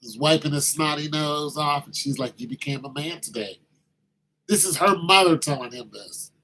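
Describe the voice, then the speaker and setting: A man telling a story in a casual monologue, animated and slangy, acting out the quoted voices. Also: a little high, moderate pace, a little hiss or hum, low-quality recording.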